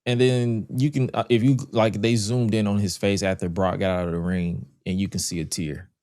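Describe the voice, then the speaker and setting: A man with a lowish voice co-hosting a casual podcast. He talks loosely in slang and fills his sentences with "like". The sound is dry and close. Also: level tone, normal speed, dark tone, dry recording. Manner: casual, slangy, lots of filler likes. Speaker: podcast co-host.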